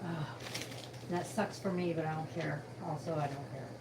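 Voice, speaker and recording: A woman's voice: low-pitched, steady tone, normal speed, background noise. A tired woman in pain, chatting bluntly and swearing through a casual livestream.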